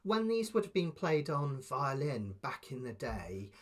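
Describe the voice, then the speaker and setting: Guy teaching ukulele live, husky voice, goes up and down a lot, counts beats real soft. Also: mid-range voice, sing-song, a little slow. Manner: patient, explains step by step, softly counts beats aloud. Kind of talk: live online music lesson.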